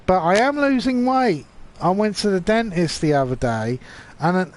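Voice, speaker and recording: Drunk, high-voiced English man ranting. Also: animated, moderate pace, slight background noise. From England. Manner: rambling, profane ranting. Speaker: live streamer. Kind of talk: casual live-stream chat while gaming.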